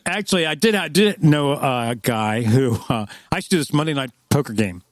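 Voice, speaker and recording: A man's voice: medium pitch, expressive, a little fast, no room sound. A man in his fifties, co-hosting a podcast, tells loose rambling stories in casual chat and acts out the quotes. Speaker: podcast co-host.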